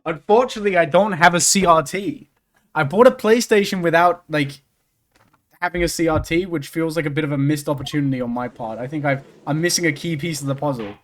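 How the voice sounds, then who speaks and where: A man with a slightly high voice streams a game, talking fairly quickly. His commentary is casual and jokey, and he swears freely as he rambles.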